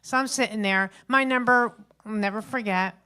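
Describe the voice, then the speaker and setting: A woman, a grandmother around her fifties, tells a chatty, animated stand-up story at an open mic, acting out the people in it. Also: fairly high pitch, normal speed, clean tone. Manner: chatty, animated retelling with acted-out quotes. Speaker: stand-up comedian. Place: open mic stage at a local venue.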